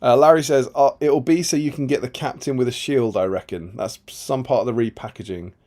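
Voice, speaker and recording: A man's voice: mid-range voice, brisk, a little mellow. A man co-hosting a casual live stream, reading viewer comments aloud with a chatty, laughing manner. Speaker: co-host reading chat comments.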